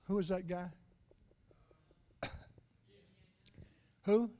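A middle-aged man preaching a sermon, swinging from loud emphatic lines to low confiding asides and slowly stretching key words for emphasis. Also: steady tone.

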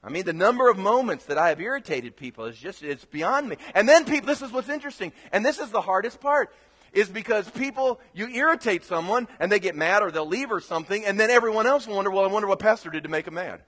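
A man preaching as pastor in a sermon, animated, swinging from quiet asides to loud emphatic bursts. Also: high-pitched, fast talker, long reverb tail.

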